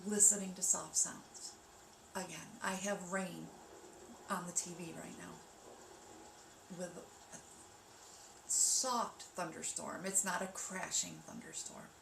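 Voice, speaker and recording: A woman hosting a livestream from home, giving a gentle, reassuring guided grounding talk that drops to a hush for breathing counts. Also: on the low side, slow pace, creaky, long pauses. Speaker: wellness livestream host. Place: home room with rain sounds on the TV. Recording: echoey room, mic at a distance, steady background noise.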